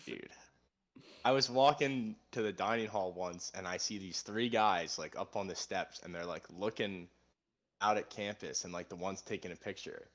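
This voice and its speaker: A man's voice: sits low, normal speed. A young adult man co-hosting a podcast, chatting casually and telling stories in an easygoing way. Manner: easygoing, relaxed storytelling with filler "like". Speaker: podcast co-host. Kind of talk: casual chat.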